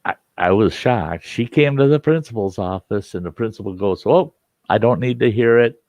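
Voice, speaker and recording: A man's voice: fairly low pitch, normal speed, a little mellow, no echo. An older man telling a personal story in a folksy, casual way, acting out the voices of the people in it. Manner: folksy, acts out quoted voices. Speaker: storyteller host. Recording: dull lo-fi recording.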